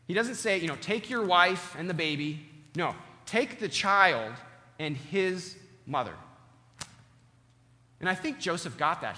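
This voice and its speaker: Brief: male pastor, bright sharp tone, earnest sermon pacing, long church reverb. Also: a little high. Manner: earnest, slows down to stress key words.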